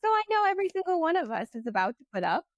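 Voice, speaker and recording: A woman co-hosting a book podcast, eager and excitable in casual chat. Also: very high-pitched, rapid-fire, no echo, dull audio. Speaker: podcast co-host.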